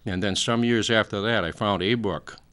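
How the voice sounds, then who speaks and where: A man's voice: fairly low pitch, normal speed, fairly bright tone, clear, resonant tone. A man in his sixties, a talk show guest, lecturing at length in a rambling way with many fillers. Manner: frequent fillers, trailing off.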